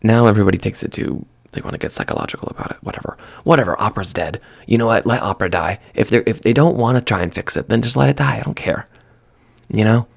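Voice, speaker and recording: A man's voice: low-pitched, vocal fry, breathy edge. A man ranting in a casual, exasperated monologue. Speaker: vlogger.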